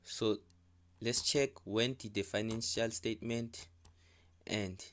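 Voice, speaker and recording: A man teaching an accounting lesson as a screen-recorded voice-over, walking through a question paper step by step and repeating each figure slowly. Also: fairly low pitch, steady tone, fairly bright tone. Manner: repetitive, restating figures slowly. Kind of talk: step-by-step tutorial explanation.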